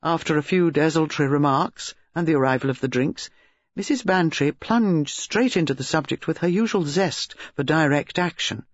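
A man reading narration for an audiobook in a measured, expressive manner. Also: fairly high pitch, no echo. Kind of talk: scripted narration. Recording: dull lo-fi recording.

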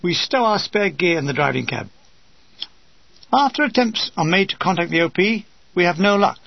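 A man reading a wartime memoir aloud with dry comic timing, lively voices for the quoted soldiers. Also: high-pitched, normal speed, creaky, no room sound, highs cut off. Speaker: narrator.

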